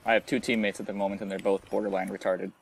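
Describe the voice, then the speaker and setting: A young man giving live commentary over his own online shooter match, swinging between quiet muttering and frustrated yelling. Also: deep voice, level tone, rapid-fire, gravelly, slight background noise. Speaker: gameplay commentator.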